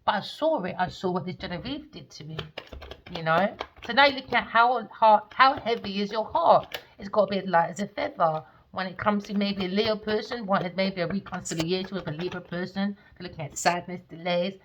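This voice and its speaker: A woman who reads tarot, telling dream stories in a blunt, animated way and swearing freely. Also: medium pitch, fairly quick, muffled recording, slight background noise. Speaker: tarot reader. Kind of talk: casual storytelling monologue.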